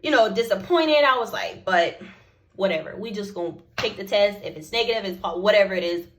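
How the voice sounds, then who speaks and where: A woman's voice: medium pitch, brisk. A young woman, telling a personal story to her viewers and acting out both sides of the conversations. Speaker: vlogger. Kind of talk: casual storytelling to camera.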